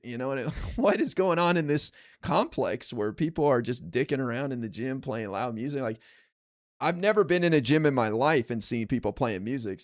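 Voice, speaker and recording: Rambling, animated man telling a story. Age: adult, calls himself too old to yell at teens. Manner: rambling and candid, with heavy fillers and profanity; animated, jumping high when quoting others. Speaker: political commentary streamer. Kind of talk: casual storytelling monologue.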